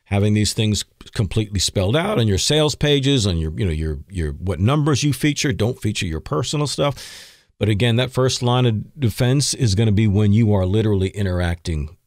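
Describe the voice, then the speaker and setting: A man's voice: on the low side, expressive, brisk, no room sound, studio quality. A man co-hosting a podcast, giving direct, coaching advice in casual talk. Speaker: podcast co-host.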